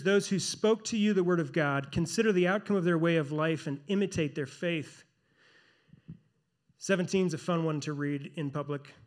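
A man, a pastor and church elder, preaching a sermon in an earnest, emphatic way, slowing down to stress key phrases. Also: fairly high pitch.

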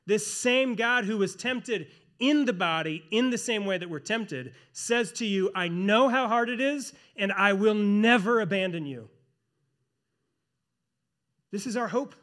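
A man, a pastor and church elder, preaching a sermon in an earnest, emphatic way, slowing down to stress key phrases. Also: high-pitched, fairly bright tone.

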